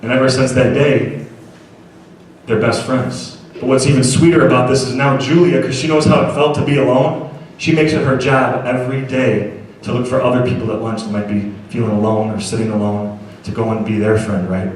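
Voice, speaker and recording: A man's voice: mid-range voice, steady tone, a little fast, a little hiss or hum. A man giving a motivational storytelling talk to schoolchildren at an assembly, earnestly asking the crowd to agree with him. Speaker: motivational speaker. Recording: very echoey hall, voice from far off.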